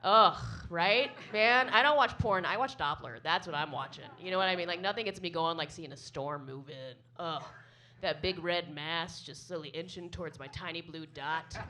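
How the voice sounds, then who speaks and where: A woman's voice: normal speed, bright, forceful tone. A woman comedian doing a chatty, self-mocking stand-up set to a live audience in a small club. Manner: chatty, self-mocking, with swoops into high silly voices.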